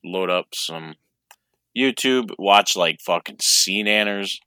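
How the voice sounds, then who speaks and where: Deep-voiced laid-back man. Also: slow, bright, forceful tone, clean tone, dry recording, clean studio sound. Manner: laid-back, short replies, swearing. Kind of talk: casual chat.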